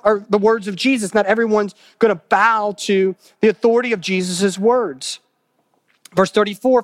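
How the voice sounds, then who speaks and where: High-voiced man preaching a sermon. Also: no room sound, clean studio sound. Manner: earnest, repeats phrases for emphasis, asks the congregation questions. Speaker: pastor.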